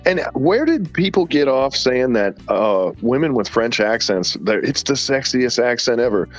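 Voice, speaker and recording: A man's voice: mid-range voice, very animated, moderate pace. A man chatting casually on a podcast, rambling through stories and dropping "man" at the ends of sentences. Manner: rambling storyteller, drawling, says "man" often. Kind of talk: casual banter.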